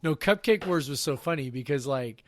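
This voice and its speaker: A man co-hosting a podcast, rambling in casual chat with many fillers and quick silly impressions. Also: a little high, expressive, no echo, clean studio sound. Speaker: podcast co-host.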